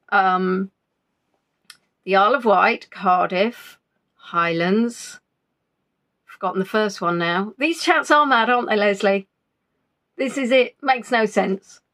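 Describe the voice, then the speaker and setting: A woman's voice: medium pitch, a bit bright. A woman hosts a live stream from home in a loose, rambling chat. She pokes fun at herself as she goes, and she still sounds not quite over an illness. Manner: chatty, rambling, self-deprecating. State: not fully recovered from illness. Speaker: livestream host.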